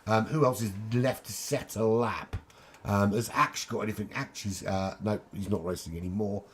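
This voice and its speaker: A man commentating a sim racing qualifying session in a chatty, cheeky way, with casual swearing and quick asides. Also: fairly low pitch, steady tone, slight background noise. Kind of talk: live esports race commentary.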